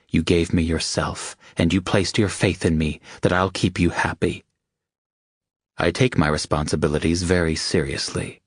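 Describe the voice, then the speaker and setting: A man's voice: sits low, dry recording, clean studio sound. A man voicing a blunt, commanding, protective man who speaks firmly and seriously, with profanity, in an audiobook.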